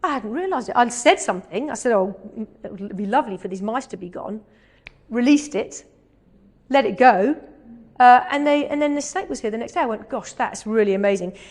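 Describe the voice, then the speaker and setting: A woman from England telling an animated anecdote in a talk, dropping to slow, hushed asides when quoting. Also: a little high. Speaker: animal communicator giving a talk.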